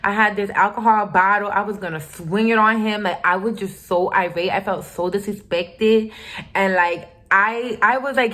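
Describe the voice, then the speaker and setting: A woman's voice: medium pitch, a bit bright. Candid, profane young woman vlogger. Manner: candid, profane, emphatic retelling. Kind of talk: casual storytime.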